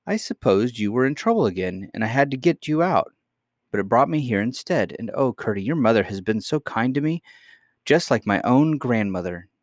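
A man's voice: mid-range voice, sing-song, moderate pace, no room sound, lightly acted. Trusting storybook princess girl, eager and earnest, lightly raised voice, as a male narrator puts her on; dry close sound.

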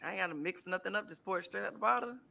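A woman co-hosting a podcast in casual chat, talking in quick, laughing bursts. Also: mid-range voice, gravelly, pushed and bright. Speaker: podcast co-host.

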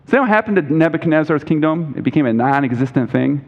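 A man's voice: a little high, animated, fast, few pauses. A man preaching a sermon as a pastor, emphatic, quoting scripture with a rising voice and asking the congregation questions. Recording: dull lo-fi recording with long hall reverb.

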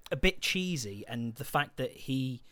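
A man's voice: mid-range voice, expressive, a little slow, a bit bright, no echo. A man chatting casually about films as a podcast co-host, laughing often while looking things up. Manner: laughs often, looks things up mid-chat. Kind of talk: casual film chat.

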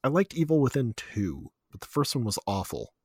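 A man with a middle-pitched voice talks in a casual, laid-back podcast chat. He fills his talk with ums and little laughs. His voice sounds dry and close, with no room echo. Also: very animated, normal speed, a little mellow, husky. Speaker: podcast co-host.

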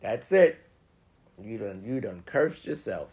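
A man's voice: on the low side, expressive, slow pace, darkish tone. A man giving a casual, profane pep talk to listeners, swearing freely and acting out grumbling inner voices. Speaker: motivational talker.

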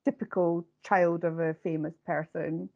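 A woman talks in a loose, rambling way, full of fillers, as she co-hosts a casual podcast. Her voice sits low and has a gravelly fry to it. The recording sounds dull and lo-fi. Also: level tone, a little slow, slight background noise. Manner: chatty, rambling with many fillers. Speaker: podcast co-host. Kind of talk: casual chat.

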